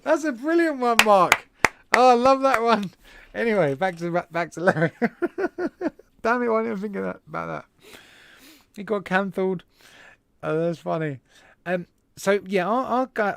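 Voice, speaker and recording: Lively man telling a rambling story. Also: high voice, normal speed, vocal fry, no room sound. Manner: animated, rambling anecdote with self-deprecating asides. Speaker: podcast host. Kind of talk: casual storytelling to a live chat. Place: at home.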